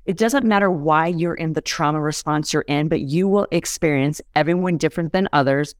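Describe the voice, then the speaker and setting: A woman's voice: deep voice, brisk, no echo. A woman who is a podcast guest, explaining in a conversational way and often checking in with listeners by asking if it makes sense. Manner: keeps checking in with listeners, "you guys", "does that make sense".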